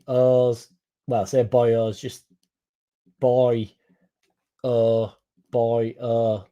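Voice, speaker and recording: A young man rambles and swears his way through a casual livestream, greeting viewers by name as he reads their comments. His voice sits in the middle of the male range and has a dark, mellow tone. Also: mid-range voice, fairly even intonation, very slow, pauses often. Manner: rambling, sweary, jumps off on tangents. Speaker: fan channel livestream host.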